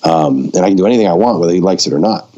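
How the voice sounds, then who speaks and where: A man, a filmmaker, telling a long anecdote in a casual conversation and acting out the dialogue with lively shifts in his voice. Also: low voice, very fast. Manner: animated storyteller who acts out quoted dialogue; frequent fillers and restarts. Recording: dull lo-fi recording.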